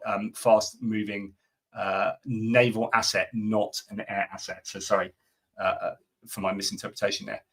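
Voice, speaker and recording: A man's voice: on the low side, pushed and bright. A middle-aged man hosting a live stream, chatting casually and answering viewer comments, with lots of fillers and restarts. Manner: rambling, many fillers and restarts.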